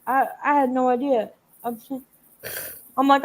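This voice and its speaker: A woman's voice: high-pitched, level tone, unhurried, long pauses. A woman hosting a live panel chat, talking casually and rambling, often restarting her sentences. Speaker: host.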